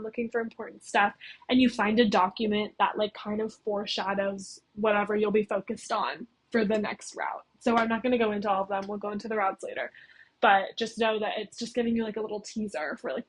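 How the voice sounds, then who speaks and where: Husky-voiced chatty young woman. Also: mid-range voice, rough recording. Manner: chatty, heavy use of "like". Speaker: video essayist. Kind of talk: casual plot recap.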